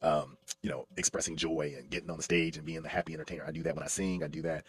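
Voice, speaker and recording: A man's voice: a bass voice, rapid-fire. A man, a lawyer and stage actor, talking casually on a livestream, telling stories with lots of fillers and restarts. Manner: animated storytelling with many fillers and restarts. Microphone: livestream mic.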